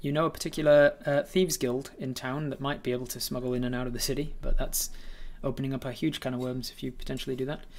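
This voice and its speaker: A man narrating a tabletop game as the game master, relaxed and meandering, with frequent hesitations. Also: mid-range voice, quick pace, hardly any pauses.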